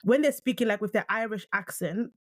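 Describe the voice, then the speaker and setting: A woman in her thirties with a British accent, co-hosting a casual podcast chat, animated, with quick asides and restarts. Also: mid-range voice, no echo, clean studio sound. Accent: British English. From Nigeria. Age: 30s. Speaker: podcast co-host.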